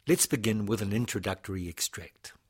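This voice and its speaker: Low, husky man giving a formal talk. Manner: measured, formal and precise. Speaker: composer presenting his own work. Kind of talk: read-out formal lecture.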